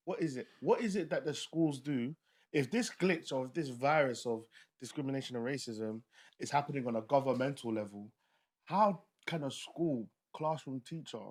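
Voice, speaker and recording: A man's voice: medium pitch, normal speed. A man hosting a panel discussion, asking probing questions with frequent restarts. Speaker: host.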